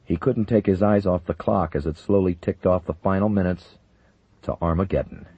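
A man reading a thriller audiobook in a steady, measured voice. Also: deep voice. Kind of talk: audiobook narration. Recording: dull, dry recording.

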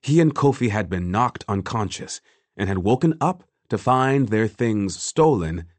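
A man reading a fantasy novel aloud as scripted narration, measured and grave. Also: on the low side, expressive, no echo. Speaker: audiobook narrator.

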